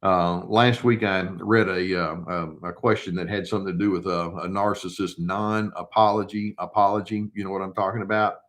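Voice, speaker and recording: An older male therapist giving casual advice, calm and unhurried, who poses rhetorical questions and answers them himself. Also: sits low. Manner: acts out short quoted replies in a mock tone.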